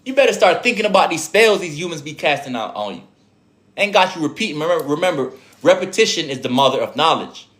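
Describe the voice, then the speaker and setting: A man's voice: on the high side, very animated, quick pace, fairly bright tone. Preachy, profane man with an accent. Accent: speaks with an accent. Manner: profane, streetwise, full of rhetorical questions. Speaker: spiritual teacher addressing viewers. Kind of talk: preachy casual monologue.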